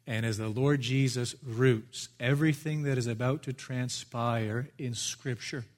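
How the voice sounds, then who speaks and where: A man preaching a sermon with earnest emphasis, his voice sinking low and soft at the ends of phrases before lifting loudly again. He repeats key lines for weight and addresses listeners directly as friends. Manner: swings between hushed low phrases and loud lifts. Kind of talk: expository sermon.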